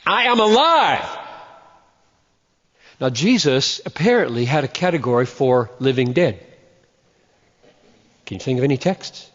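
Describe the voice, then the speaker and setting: A man preaching a sermon, emphatic and deliberate, with slow dramatic pauses that build to a point. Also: medium pitch, lively intonation. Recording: muffled, long hall reverb.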